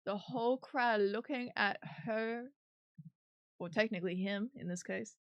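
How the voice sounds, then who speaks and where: A woman's voice: medium pitch, unhurried, no echo, dull audio. Giggly streamer woman. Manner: chatty, giggly, swears casually. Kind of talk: casual stream chat while working on a 3D model.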